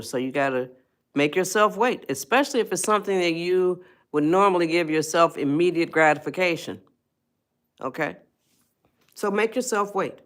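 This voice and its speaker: A woman hosting a casual live stream, chatting with viewers and coaxing them to reply. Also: low voice. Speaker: livestream host, life coach.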